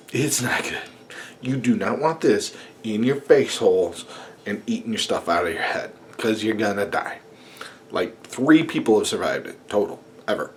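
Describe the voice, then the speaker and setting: A man's voice: sits low, a little hiss or hum. Rambling sarcastic man talking to camera. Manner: rambling, sarcastic, swears and jokes. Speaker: vlogger. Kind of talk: casual talk to camera. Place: home at night, at a table.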